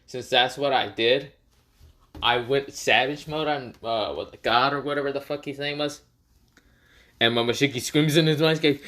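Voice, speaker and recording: A man's voice: mid-range voice, normal speed, sharp tone. A man telling an improvised fan story in a casual, profane way, laughing at his own jokes.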